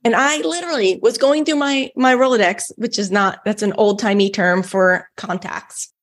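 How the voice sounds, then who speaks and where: A woman's voice: mid-range voice, normal speed. A woman with a Texan accent, telling an enthusiastic story as a podcast guest and speaking casually with lots of "like"s. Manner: chatty and enthusiastic, many "like"s. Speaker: guest giving a testimonial.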